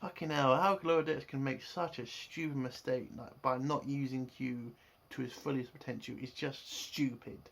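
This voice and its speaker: A man's voice: medium pitch, fairly even intonation, moderate pace, vocal fry, a bit bright. A man giving a casual episode review, frustrated and swearing, building into exasperated outbursts. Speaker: show reviewer.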